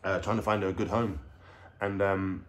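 A man's voice: deep voice, level tone, moderate pace. A young man with a London accent telling a rambling, slangy story to camera at home, full of fillers and swearing. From England. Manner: rambling, profane street slang, lots of fillers. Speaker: vlogger. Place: indoors at home.

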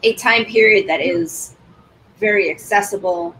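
A woman's voice: medium pitch, normal speed, a bit bright, slight background noise, low-quality recording. A woman author answering interview questions in a thoughtful, explanatory way. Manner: thoughtful, explains at length with some restarts. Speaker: author guest.

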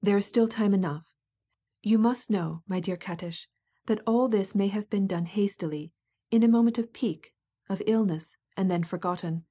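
A scheming older prince, impatient and insistent, pressing his point with smooth coaxing, as a woman narrator reads him. The voice stays mellow and warm. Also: mid-range voice, normal speed, natural voice.

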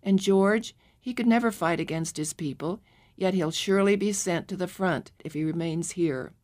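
A woman reading aloud voices an anxious young governess who speaks in a hushed, confiding way. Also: on the low side, moderate pace, lightly acted.

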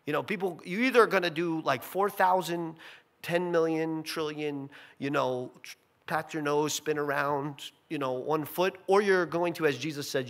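A male pastor preaching a sermon in an animated, conversational way with jokey asides. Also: on the high side, moderate pace.

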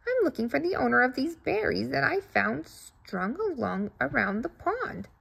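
A talkative lady goose in a sunbonnet who always tells the truth, chattering on and on, as a woman puts her on. Her voice sits high with a husky, gravelly texture. A prim storybook figure. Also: very animated, normal speed, a bit bright, full character voice. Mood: chatty.

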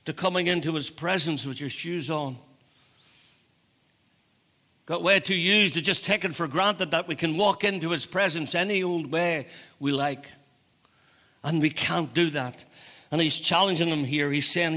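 A man's voice: high voice, normal speed, sharp tone. A man with a Northern Irish accent preaching a sermon as pastor, passionate and building to emphatic declarations. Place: church hall. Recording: long church reverb.

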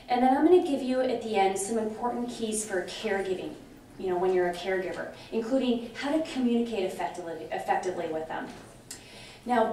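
A middle-aged woman giving a lively conference presentation, chatty and animated, often checking in with her audience. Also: mid-range voice. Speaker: conference speaker on dementia care. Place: large conference room. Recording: very echoey hall from far off, faint noise.

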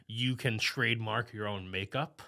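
A young man with a mid-pitched but very sharp, bright voice, chatting on a podcast. He tells mischievous stories in a playful, offhand way. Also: moderate pace. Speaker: podcast co-host. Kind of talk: casual chat.

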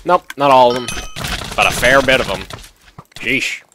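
A young man giving relaxed, muttered commentary while playing a video game, with game music playing behind him. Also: mid-range voice, moderate pace, background noise. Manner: relaxed, muttering asides to himself. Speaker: gaming video host. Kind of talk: casual gameplay commentary.

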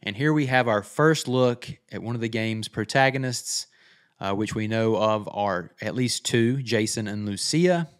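Middle-aged male gaming host, deeper voice with a smooth, clean tone, chatty trailer breakdown. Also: unhurried. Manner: chatty, thinking aloud with frequent "uh"s. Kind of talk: casual game trailer breakdown.

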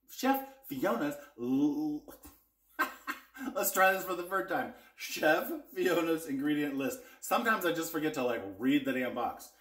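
A man's voice: fairly high pitch, fairly bright tone, echoey room. A man hosting a casual cooking vlog, chatting with viewers and tasting spice blends with eager enthusiasm. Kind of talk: casual taste-test vlog.

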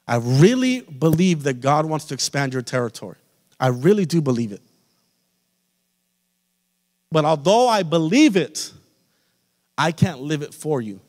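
A man's voice: on the high side, big pitch swings, moderate pace, a little mellow. Impassioned male pastor in echoing church. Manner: impassioned preaching, addresses the congregation directly. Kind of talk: sermon. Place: church sanctuary. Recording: long reverb of a church hall.

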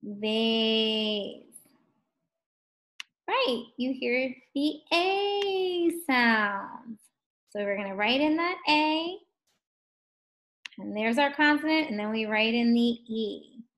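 Female first grade teacher, slow and stretched out, a bit high, gently encouraging. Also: animated, a little hiss or hum. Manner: slow, drawn-out words sounded out for children; gentle, encouraging questions to young learners. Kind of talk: distance learning phonics lesson.

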